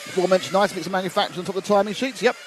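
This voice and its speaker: This is a man calling a live race from the trackside. He talks in a relaxed, rambling way and mixes viewer messages into his commentary. His voice sits a little high, and engines and track ambience can be heard clearly behind him. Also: rapid-fire. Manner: chatty, reads out viewer messages with asides. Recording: noisy trackside with engine sounds. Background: race car engines and ambience.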